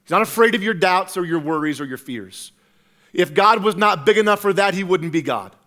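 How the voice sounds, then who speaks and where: A male pastor preaching a sermon earnestly, dropping to a hush at times and repeating words as he goes. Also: sits high, animated, fairly quick. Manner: earnest, swings from loud to hushed, repeats words.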